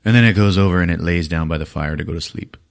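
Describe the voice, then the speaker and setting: A man hosting a podcast, retelling a movie in profane, animated casual chat. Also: low-pitched, fast, gravelly. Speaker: podcast host.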